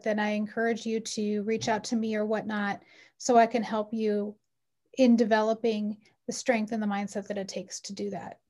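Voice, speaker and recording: A woman's voice: a little high, darkish tone. A woman in her forties, an interview guest telling her personal story in an earnest, heartfelt way with frequent ums. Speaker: mother.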